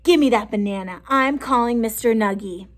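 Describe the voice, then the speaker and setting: A woman voicing an excited, dramatic little girl in a storybook read-aloud. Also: a little high, normal speed, natural voice.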